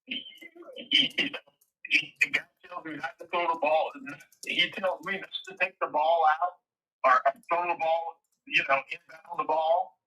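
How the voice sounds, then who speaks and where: A man's voice: on the high side, steady tone, normal speed, pushed and bright, poor audio. A man, hosting a casual sports chat and rambling through stories with many restarts. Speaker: podcast host.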